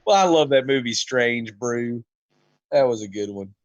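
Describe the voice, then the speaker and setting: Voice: medium pitch, moderate pace, no echo, muffled recording. A participant in a casual voice chat, full of jokes and wisecracks. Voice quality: jokey, wisecracking. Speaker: group chat member. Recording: dry voice chat.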